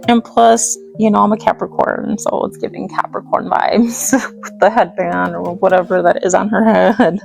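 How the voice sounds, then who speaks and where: A woman's voice: medium pitch, fairly even intonation, normal speed, vocal fry, a little mellow, soft background music. A woman vlogger chatting casually about her doll collection, rambling and giggly, tripping over names as she goes. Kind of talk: casual chat while restyling dolls.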